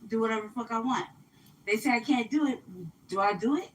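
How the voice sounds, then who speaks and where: A woman telling a story in casual chat, animated and profane, acting out what people said. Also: fairly high pitch, fast talker, recorded from a distance, a little hiss or hum, poor audio.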